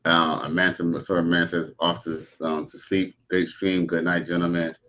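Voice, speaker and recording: A man's voice: low-pitched, little pitch movement, moderate pace, sharp tone, highs cut off. A man hosting a livestream, giving blunt, preachy commentary in a drawling way. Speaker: streamer host.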